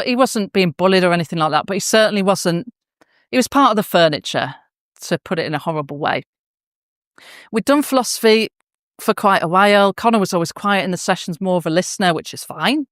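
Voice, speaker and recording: Speaking in a conference hall, a woman with a mid-range voice addresses teachers, sharing emotional stories from the classroom. She often restarts sentences and uses fillers, and the recording is dry and studio quality.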